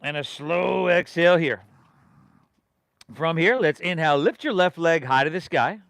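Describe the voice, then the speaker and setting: A man's voice: fairly high pitch, normal speed, gravelly, fairly bright tone, no room sound. A middle-aged man from leading a live yoga class, giving rhythmic breath and pose cues with casual, encouraging asides. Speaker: yoga instructor.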